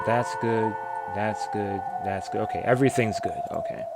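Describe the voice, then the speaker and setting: A man's voice: fairly low pitch, fairly even intonation, normal speed, loud music behind the voice. A man streaming live in casual chat, playful, laughing often and tripping over his own words.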